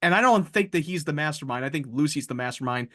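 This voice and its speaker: A man's voice: fairly high pitch, lively intonation, fast, fairly bright tone. A man co-hosting a casual chat podcast, rambling with lots of fillers and casual swearing. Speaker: podcast co-host.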